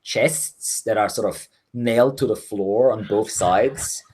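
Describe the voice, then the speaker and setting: A man with a very low, deep voice runs a tabletop role-playing game as game master. His narration is loose and rambling, full of fillers and restarts. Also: slow pace, a little mellow, husky.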